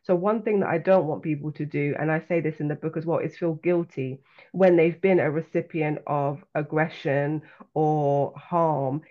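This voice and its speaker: A woman with a London accent, an author and coach speaking as a guest in a podcast interview, talking in a reflective, earnest and measured way. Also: deep voice, fairly even intonation. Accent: London English. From London, England. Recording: slightly dull lo-fi sound.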